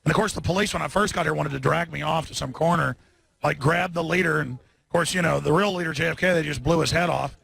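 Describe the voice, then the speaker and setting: A man with a high-pitched, gritty, gravelly voice broadcasts live from a street protest. He rants in a fast, combative, indignant stream. He also leads slogans through a bullhorn. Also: a bit bright. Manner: rapid, combative, indignant rant. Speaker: talk show host.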